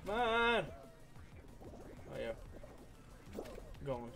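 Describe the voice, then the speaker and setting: A man's voice: high-pitched, big pitch swings, drawn-out words, creaky, pushed and bright, faint music behind. A young man giving playful, casual commentary over a game he is playing, singing along and slipping into goofy voices. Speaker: gaming streamer.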